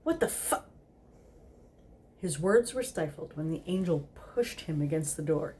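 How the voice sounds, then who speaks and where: A woman's voice: sits low, lively intonation, normal speed, mellow, slight background noise. A woman casually reading a story aloud, stumbling and repeating words, with giggly asides. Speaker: host reading fan fiction aloud.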